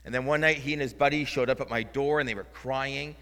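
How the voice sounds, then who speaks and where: A male interim pastor preaching a sermon, moving between quiet, earnest storytelling and loud, fervent proclamation. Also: mid-range voice, fairly even intonation, brisk. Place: church sanctuary. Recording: church hall reverb.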